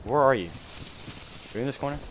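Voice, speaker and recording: A young man trash-talks his way through live gameplay, his voice swinging up and down in pitch at a middling register. He taunts opponents and yells at them without warning. Clear game gunfire runs under his voice. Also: fairly quick. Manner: animated, trash-talking, sudden shouts at opponents. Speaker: gaming commentator. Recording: game gunfire noise behind the voice. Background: in-game gunfire and explosions.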